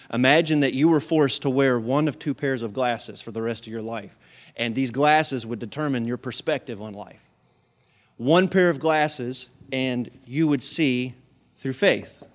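A male pastor preaching a sermon to his congregation in an animated storytelling manner, with humor and acted-out voices. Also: medium pitch. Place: church service with a live congregation.

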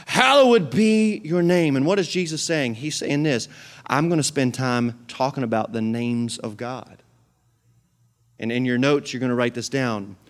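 A middle-aged man preaching a sermon, animated and swinging into loud, fervent prayer. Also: mid-range voice, normal speed. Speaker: pastor.

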